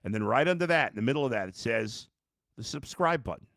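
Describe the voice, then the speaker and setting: A man with a mid-range, creaky, fairly bright voice talks fast with lively intonation, recorded in dry studio quality. He's hosting a live-streamed sports podcast, worn out and exasperated, reading fan comments aloud and reacting bluntly with some swearing.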